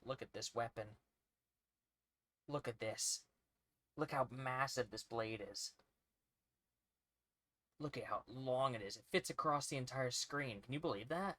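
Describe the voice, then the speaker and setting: A man giving joking, animated let's-play commentary while he plays a game. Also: mid-range voice, a little slow, pauses often. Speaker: streamer. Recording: game music underneath. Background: game music.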